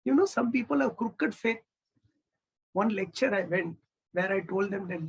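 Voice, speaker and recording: A man's voice: high-pitched, animated, moderate pace, creaky, pauses often, breathy edge, low-quality recording. A man with an Indian English accent giving a spiritual discourse, telling a story and explaining its meaning in a conversational way. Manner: conversational, chatty asides, explains symbolism. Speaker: spiritual teacher.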